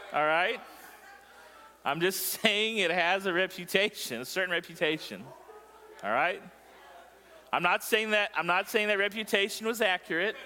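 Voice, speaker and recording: A man's voice: high voice, lively intonation, normal speed, pushed and bright, in a large hall. A male pastor preaching a sermon in a joking way, quizzing the congregation as he goes. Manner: joking, asks the congregation questions. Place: church sanctuary.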